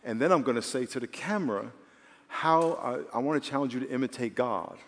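A man's voice: medium pitch, fairly quick, a bit bright. A man preaching a sermon as the church's pastor, telling stories and building to emphatic points. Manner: storytelling, rising to emphatic preaching. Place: large church hall. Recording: long hall reverb.

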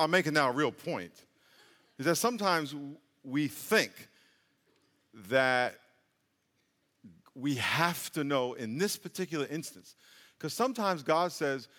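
A man's voice: on the high side, a bit bright, in a large hall. A man preaching a sermon as pastor, chatty and joking, building to emphatic peaks. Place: large church hall.

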